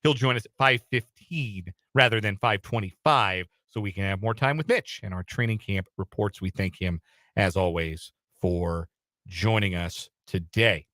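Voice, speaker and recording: A man's voice: lowish voice, moderate pace, sharp tone, no room sound. A man hosting a sports talk radio show from a studio, talking in a casual, chatty way with some uh fillers and repeats. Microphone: studio microphone.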